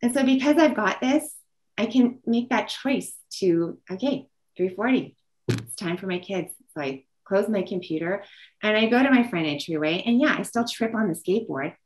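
A woman's voice: medium pitch, expressive, normal speed, darkish tone, rough recording. A woman presenting an online parenting workshop, telling a story from her own family and acting out what she says to her children.

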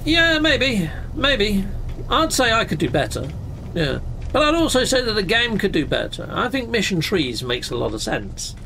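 A man's voice: high-pitched, sing-song, normal speed, gravelly, sharp tone, slight background noise. A man commentating his gameplay in a chatty, exclamatory way, swapping in mild substitutes for swear words. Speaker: gaming channel host.

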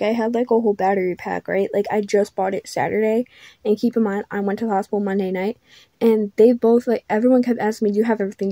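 Young woman chatting, drawl, mellow. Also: mid-range voice, no room sound. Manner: chatty, lots of "like" fillers, blunt swearing. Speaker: vlogger. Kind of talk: casual storytime vlog.

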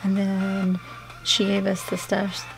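A woman's voice: medium pitch, monotone, slow, creaky. A middle-aged woman telling a personal story in a rambling, chatty way while doing her makeup for a beauty vlog. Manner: chatty, rambling, many fillers. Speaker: beauty vlogger. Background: background music.

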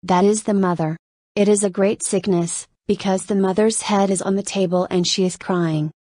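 An earnest, literal-minded man of the trail, as a woman reader voices him speaks in plain, grave, deliberate sentences. The sound is dry and close, with no room echo. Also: mid-range voice, fairly even intonation, dark tone, close to an everyday voice.

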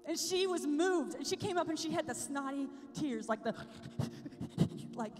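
A woman's voice: high voice, expressive, fairly quick. A woman giving an evangelical keynote to a youth conference, passionate and rising into fervent prayer, in a large hall with music behind. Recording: long hall reverb with music.

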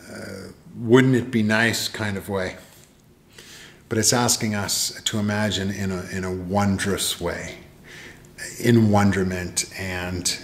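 A man's voice: sits low, a bit bright, reverberant, slight background noise. A man preaching in a church, speaking earnestly and steadily, often repeating his phrases to drive a point home. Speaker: pastor. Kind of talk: sermon. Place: church sanctuary.

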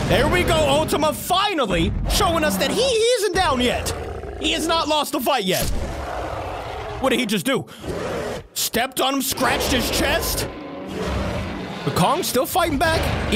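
Excitable high-voiced reaction host. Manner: excitable, chatty play-by-play with frequent laughter. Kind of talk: casual reaction commentary.

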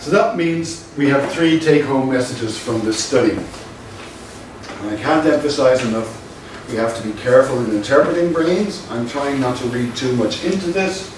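A male lecturer giving a university lecture, measured and explanatory, stressing his key points. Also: medium pitch. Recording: very echoey room from a distant mic with faint noise.

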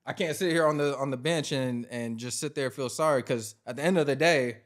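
A man in his thirties sits in as a guest on a podcast and talks through a story in a relaxed, unhurried way. He fills his sentences with loose fillers and keeps a steady, middle-pitched voice. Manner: laid-back, loose, filler-heavy delivery. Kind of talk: casual storytelling.

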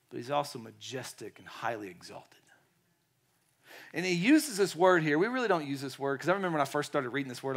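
A man preaching a sermon in a lively way, acting out quotes and dropping to quiet tones. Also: a little high. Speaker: pastor.

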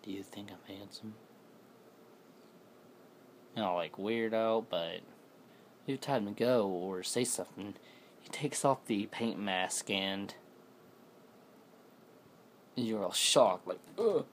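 A man's voice: on the low side, slow pace, long pauses, slight background noise. A man casually telling a scary story, rambling and correcting himself as he goes.

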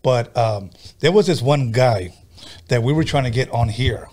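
Husky-voiced man telling loose stories. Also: mid-range voice, normal speed, darkish tone. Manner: laid-back, profane, laughs through his stories. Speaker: podcast host. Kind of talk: casual storytelling chat.

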